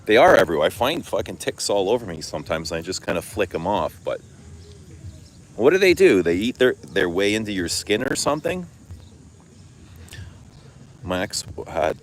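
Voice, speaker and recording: Casting: middle-aged canadian guy, very low voice, loose casual live chat, cusses a lot, faint background noise. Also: moderate pace, long pauses, low-quality recording. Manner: swears freely, laughs, animated storytelling. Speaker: fragrance vlogger. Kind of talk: casual livestream chat answering comments.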